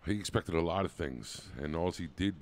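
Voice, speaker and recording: A man co-hosting a podcast outdoors on a street, talking loudly and joking around in casual banter. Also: low voice, fairly quick, a little hiss or hum. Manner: joking, teasing, loud. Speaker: podcast co-host.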